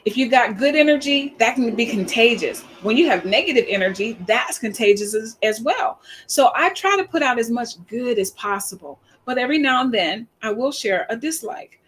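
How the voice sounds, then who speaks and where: A woman in her fifties talks to her online followers in an easy, chatty live-stream manner. Her voice sits a little high, and she tells her stories with animation, sprinkling in fillers and laughter. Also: moderate pace, few pauses. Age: 50s. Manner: animated storytelling, acts out quoted voices. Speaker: social media coach.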